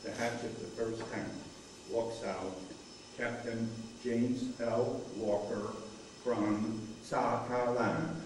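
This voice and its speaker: A man's voice: mid-range voice, slow pace. Elderly man telling a story in an echoey hall. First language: Polish. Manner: animated storyteller acting out dialogue. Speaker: cantor giving a memorial talk. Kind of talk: storytelling talk. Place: synagogue hall. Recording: echoey hall, voice from far off, faint noise.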